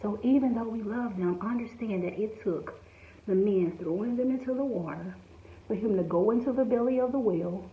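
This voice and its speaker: A woman's voice: mid-range voice, brisk. Woman preaching over a tinny echoey line. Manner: conversational, with frequent asides. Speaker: devotional speaker. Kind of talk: informal devotional message. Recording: echoey, tinny phone-like sound.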